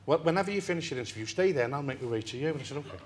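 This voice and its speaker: An older man from England, a talk-show guest telling a long story in an animated way and laughing through it. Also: a little high, racing, a little hiss or hum. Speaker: interview guest. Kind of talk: anecdotal storytelling.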